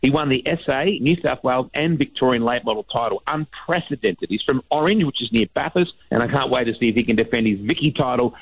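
A man's voice: mid-range voice, expressive, fast, gravelly, few pauses, breathy edge, no echo, poor audio. A man with an Australian accent, reporting motorsport news on a radio show with enthusiastic, promotional chat.

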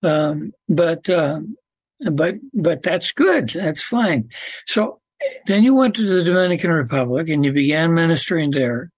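A man hosting a faith program, asking slow, measured questions with fillers. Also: on the high side, expressive, dry recording. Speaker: host.

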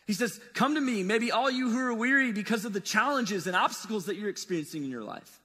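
High-voiced casual preacher in a reverberant hall. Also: male voice, lively intonation, fast, hardly any pauses, slightly rough. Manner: casual, conversational preaching with wide swings in pitch and loudness. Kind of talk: sermon. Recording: long reverb of a large hall.

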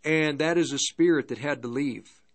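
Male, slightly raised pitch, rambling halting testimony, drifts between first and third person. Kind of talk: spoken testimony storytelling.

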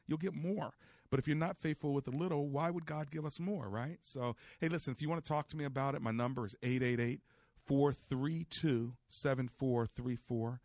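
A man hosting a faith-based call-in radio show speaks in an emphatic, preachy manner. His voice sits at a middle pitch. It is recorded dry and close, with no room echo. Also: darkish tone. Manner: preachy, emphatic, quotes scripture.

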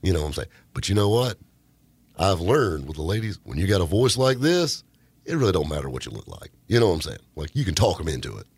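A man hosts a car talk radio show from the studio, joking and bantering with his guests. His voice sits low and a little husky, with a lively, bouncing pitch. The dry, close studio sound keeps him right up front. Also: quick pace, no room sound. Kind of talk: casual studio radio chat.

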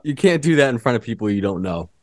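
A man's voice: mid-range voice, sing-song, fast talker, a little mellow, no room sound, clean studio sound. A man in casual chat, giving short, amused reactions to a story. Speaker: podcast co-host.

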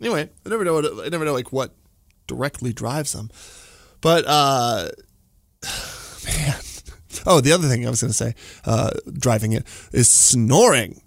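A man's voice: mid-range voice, animated, normal speed, gravelly, long pauses, no echo. A man in his forties telling a long story in a rambling, casual way, full of "like" and little chuckles, from a studio. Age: 40s.

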